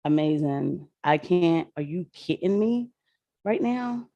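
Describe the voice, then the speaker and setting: Speaking slowly in a low register, this woman livestreams political commentary over dull-sounding audio with no echo. Her talk is casual and full of slang, wandering from side comments to opinions, and she animatedly addresses her audience as "y'all."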